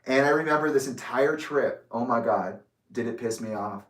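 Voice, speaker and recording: A man's voice: mid-range voice, moderate pace. A young man speaking in a rambling, candid personal monologue, with restarts and the odd swear word. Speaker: vlogger. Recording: roomy echo, distant from the mic.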